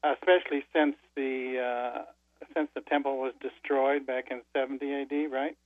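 A man's voice: medium pitch, level tone, moderate pace, no room sound. A man calling in to a radio show, talking hesitantly with many fillers. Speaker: caller. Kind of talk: phone-in call. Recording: tinny phone line.

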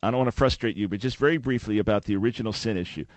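A man hosting a radio debate with a caller, talking fast and often restarting his words as he jumps in. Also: fairly low pitch, dry recording. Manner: interjecting, repeats words when starting a thought. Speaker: radio show host.

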